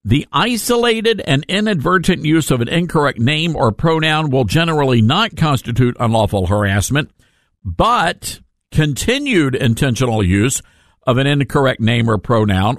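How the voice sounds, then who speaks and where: A man hosting a talk radio show, giving casual opinion commentary in an animated, sarcastic way with rambling asides. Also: mid-range voice, no echo, clean studio sound.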